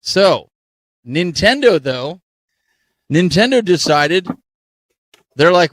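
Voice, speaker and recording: A middle-aged man hosting a relaxed gaming podcast, talking in loose, animated bursts and restarting his sentences. His voice sits in an ordinary middle range. The sound is dry and close, with no room around it. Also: medium pitch, moderate pace, no room sound. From Ohio. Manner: rambling, animated, restarts often. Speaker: podcast host. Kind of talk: casual panel chat.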